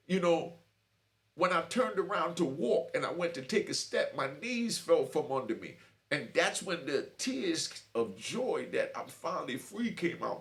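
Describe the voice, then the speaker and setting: A man's voice: on the high side, a bit bright. A middle-aged man telling his own story to camera in a streetwise way, often asking "you know what I mean". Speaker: host.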